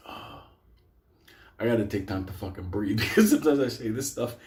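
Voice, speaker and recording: A man's voice: fairly low pitch, animated, normal speed, a little mellow. A man telling a story to a live audience, swearing constantly and laughing as he goes.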